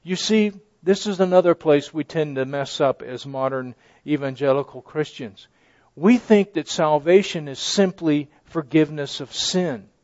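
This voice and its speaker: Emphatic high-voiced male preacher. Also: measured pace, dry recording. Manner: emphatic, swings from loud to hushed. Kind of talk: sermon. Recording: dry, dull lo-fi sound.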